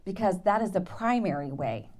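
A woman Bible teacher giving an animated, dramatic testimony to her class, with laughs. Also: mid-range voice, normal speed. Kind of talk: sermon storytelling.

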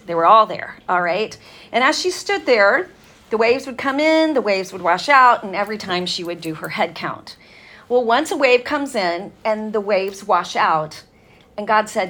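A woman speaking to a women's gathering in an earnest, conversational sermon style, telling stories with fillers and pauses. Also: medium pitch, fairly bright tone.

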